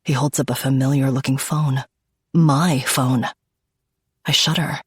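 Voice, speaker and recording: Low, husky woman narrating an audiobook. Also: steady tone, a little slow, no room sound, studio quality. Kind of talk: first-person dark romance narration.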